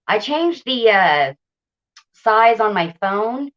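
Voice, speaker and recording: Very slowly, with a medium pitch, wide pitch swings, and a fairly bright tone, a woman runs a relaxed home livestream. Her tablet microphone gives dull audio as she chats, greets viewers by name, and laughs a lot.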